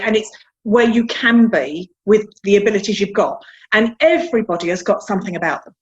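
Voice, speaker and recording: A woman's voice: mid-range voice, expressive, a little fast, muffled recording. Chatty South London woman, frank. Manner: chatty, frank, self-deprecating, repeats words. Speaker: guest. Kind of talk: candid interview chat.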